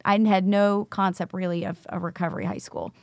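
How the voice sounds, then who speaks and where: Animated storytelling woman, dry close sound. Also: medium pitch, brisk, dry recording. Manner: animated storyteller acting out quoted dialogue. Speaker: teacher, recovery school founder. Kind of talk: interview storytelling.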